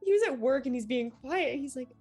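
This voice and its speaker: A young woman, a newly accepted medical student, tells her story in an interview in an animated way, acting out the dialogue she quotes. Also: sits high, fairly quick, slightly rough, faint music behind.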